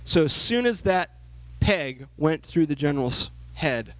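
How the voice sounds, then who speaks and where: A young man with a high, bright-sounding voice preaches to a youth group, full of questions to the crowd and quick acted-out asides. The sound is close and dry, with no room echo. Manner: lively, asks the audience questions, acts out the characters. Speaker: youth pastor. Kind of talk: youth sermon.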